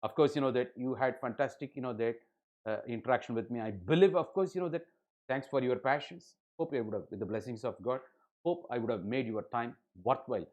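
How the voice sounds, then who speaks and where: A man lecturing, emphatic and full of "you know" and "ladies and gentlemen". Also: mid-range voice, a little fast, highs cut off. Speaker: online exam-prep lecturer.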